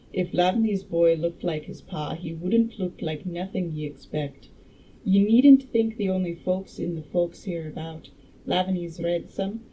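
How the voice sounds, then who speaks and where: A boastful old backwoods farmer, put on by a woman reading aloud, drawling in a thick rural dialect. His voice is mellow and warm, with a slow, cryptic pride behind each line. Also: on the low side, a little hiss or hum, natural voice, rough recording. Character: old rustic farmer man, proud and cryptic.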